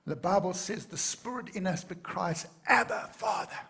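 A man's voice: high voice, normal speed, husky. A man preaching a sermon to his congregation, earnest and building to fervent emphasis. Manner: addresses the congregation directly. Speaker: pastor.

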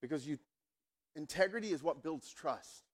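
Male pastor, slightly higher voice, conversational sermon, animated storytelling, emphatic bursts. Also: moderate pace. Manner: fired-up, emphatic when worked up.

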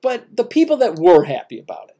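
A man's voice: high voice, huge pitch swings, fairly quick, warm tone, slightly rough. A man co-hosting a casual sports podcast, emphatic and repetitive, with many restarts. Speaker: podcast co-host.

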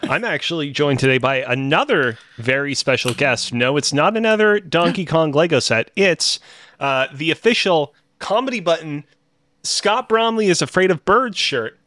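A man's voice: on the high side, lively intonation, normal speed, a bit bright, no room sound. A man joining a gaming podcast as a guest, chatting and riffing casually.

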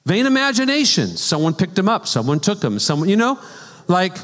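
A pastor with a high-sitting, brisk voice preaches a conversational sermon in a church sanctuary. He tells animated stories with casual asides and laughs, and the recording carries the long reverb of the church hall.

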